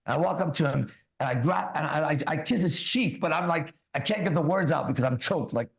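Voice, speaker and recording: A man hosting a ministry talk, telling a personal story in a loose, casual way and reading scripture slowly. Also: a little high, creaky. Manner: casual, tags lines with "right?" and "bro", laughs often; reads scripture slowly and deliberately. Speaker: ministry host.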